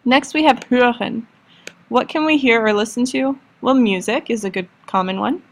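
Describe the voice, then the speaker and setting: A woman teacher giving a recorded lesson, patiently explaining and slowing down for example sentences. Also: a little high. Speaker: language teacher.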